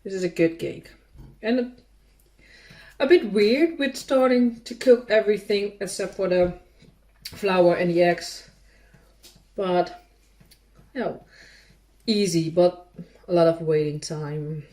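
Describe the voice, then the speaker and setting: Woman vlogger, lowish voice, unhurried, rambling tasting chat with her mouth full. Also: mellow. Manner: rambling, thinking aloud, eating between words. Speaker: cooking vlogger. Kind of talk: casual chat while tasting food.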